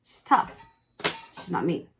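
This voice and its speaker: A middle-aged woman chatting through a makeup tutorial, candid and quick to exclaim, telling a personal story as she works. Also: slight background noise. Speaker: beauty vlogger.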